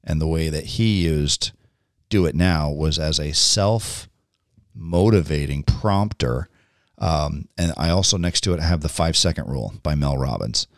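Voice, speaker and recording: Middle-aged man, low gravelly voice, rambling podcast monologue, dry close recording. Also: unhurried, no room sound. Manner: rambling, frequent ums and restarts. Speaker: podcast host. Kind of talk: casual storytelling monologue.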